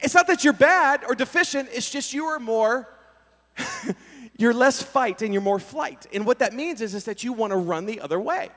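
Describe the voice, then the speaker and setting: Animated high-voiced preacher. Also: male voice, normal speed. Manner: animated, acts out scenes with voices and sudden shouts. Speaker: youth pastor. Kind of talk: storytelling sermon. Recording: reverberant hall.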